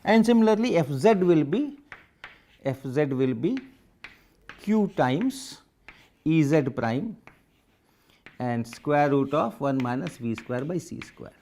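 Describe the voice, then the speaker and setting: Slow, methodical male physics lecturer. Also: on the high side, lively intonation, mellow. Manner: repeats phrases while writing, methodical. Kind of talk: lecture worked through step by step on a board.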